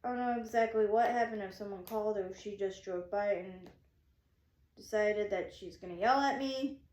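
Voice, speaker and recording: A woman's voice: medium pitch, moderate pace, reverberant. A woman telling a story from her day casually, rambling with many restarts and acting out what people said. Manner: rambling, full of "I'm like" and restarts; excitable, acting out quoted dialogue. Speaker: vlogger recounting her day.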